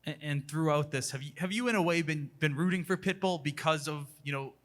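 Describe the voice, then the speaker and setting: Brief: male reporter, rapid delivery, bright tone, stumbling follow-up questions. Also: on the high side. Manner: quick questions with stumbles and repeats. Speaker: interviewer. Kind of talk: post-fight interview questions.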